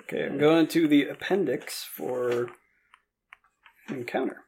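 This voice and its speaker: A man's voice: medium pitch, a little mellow, slight background noise. Easygoing male game master. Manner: easygoing, halting with fillers while he works out the rules. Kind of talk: casual game narration.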